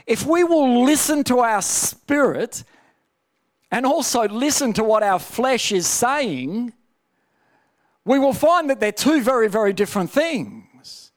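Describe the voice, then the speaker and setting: A man's voice: very high voice, sing-song, takes it slowly. A man preaching a sermon, telling a personal testimony with rhetorical questions and frequent restarts.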